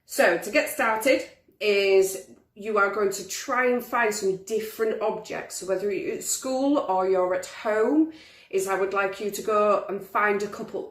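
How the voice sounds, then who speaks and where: A woman's voice: mid-range voice, recorded from a distance. A young woman teaching a drama lesson to pupils on video, encouraging them and demonstrating different voices. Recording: roomy, from the mic.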